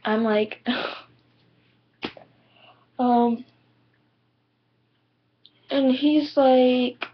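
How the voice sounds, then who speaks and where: A woman's voice: sits high, steady tone, drawn-out words. A teenage girl telling a story to camera in a chatty, rambling way, full of "like" and "you know". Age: teens. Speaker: vlogger. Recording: dull lo-fi webcam audio.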